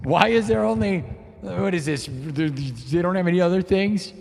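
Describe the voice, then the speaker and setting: A male livestream host who rambles through joking, playful rants in a somewhat high voice. His talk carries long reverb around it. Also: normal speed, vocal fry, a little mellow. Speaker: livestream host and improvising musician. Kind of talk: rambling comedic livestream chat.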